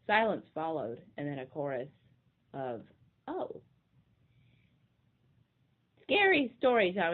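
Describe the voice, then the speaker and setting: A woman reading a children's picture book aloud in an expressive way. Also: fairly low pitch. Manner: expressive, sweeping storybook reading. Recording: tinny phone-like sound.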